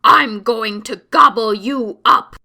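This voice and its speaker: A woman voicing a greedy male troll under a bridge in a children's storybook, speaking slowly and loudly. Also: fairly high pitch, creaky, exaggerated voice. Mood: menacing. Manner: slow, loud and menacing.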